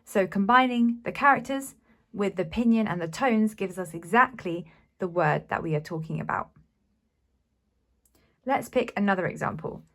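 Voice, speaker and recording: A woman's voice: mid-range voice, expressive, moderate pace, long pauses, fairly bright tone. A woman teaching a beginners' Mandarin lesson, explaining patiently and sounding out syllables with care. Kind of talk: slow, clear language lesson.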